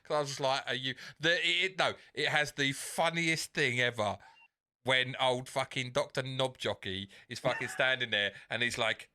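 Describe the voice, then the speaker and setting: A man's voice: mid-range voice, moderate pace, sharp tone. A man co-hosting a podcast, swearing freely and acting out quotes in crude casual banter. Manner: sweary, laughs a lot, acts out quotes. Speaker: podcast co-host.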